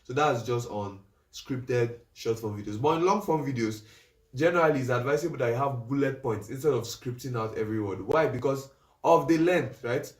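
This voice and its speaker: A man's voice: mid-range voice, moderate pace, distant mic. Man, instructor, coaching tone, asks "right?", a bit off-mic, echoey room. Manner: instructive, checks in with "right?" and "do you understand?". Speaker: livestream creative coach. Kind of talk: teaching livestream class. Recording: roomy echo, voice off-mic.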